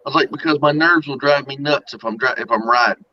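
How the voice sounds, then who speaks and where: A man's voice: mid-range voice, fast, sharp tone, slight background noise. A man telling folksy stories in casual chat. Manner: folksy storyteller, acts out quotes. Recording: dull lo-fi audio.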